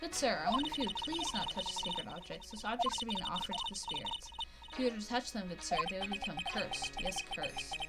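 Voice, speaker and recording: A woman's voice: mid-range voice, expressive, fairly quick, loud music behind the voice, lightly acted. Woman doing a haughty old village matron. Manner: formal, condescending, overly polite. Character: stern, haughty older woman, keeper of village traditions.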